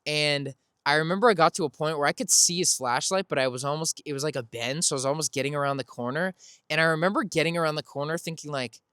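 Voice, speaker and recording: A man with a slightly high, smooth and resonant voice tells a casual story as a podcast host. He rambles, corrects himself mid-sentence and laughs now and then. The sound is dry and close, with no room around it. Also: quick pace, pushed and bright, no room sound. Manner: rambling, self-correcting, laughs while telling.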